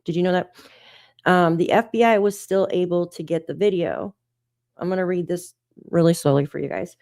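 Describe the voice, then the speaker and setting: Casting: woman, true-crime livestream host, chatty and incredulous, lower voice, dry close sound. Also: moderate pace, gravelly, a little mellow, no room sound. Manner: chatty, incredulous, reads updates aloud. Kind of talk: casual livestream commentary.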